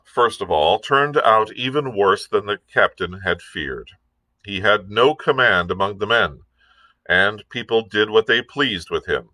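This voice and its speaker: A male librarian reading a classic adventure novel aloud, unhurried, with the occasional filler and slip. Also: on the low side, pushed and bright, no echo. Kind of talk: storybook read-aloud.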